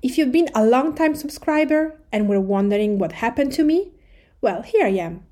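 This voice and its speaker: A Tuscan-born woman with an Italian accent, a native Italian speaker, hosting her podcast and talking to listeners in a calm, conversational, measured way. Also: a little high. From Tuscany, Italy. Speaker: podcast host and food writer. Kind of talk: personal podcast address.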